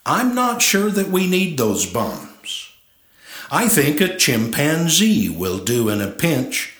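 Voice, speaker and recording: A man's voice: fairly high pitch, big pitch swings, takes it slowly, fairly bright tone, echoey room, full character voice. A man voicing a bossy male border collie foreman in a recited cowboy poem, clipped and commanding.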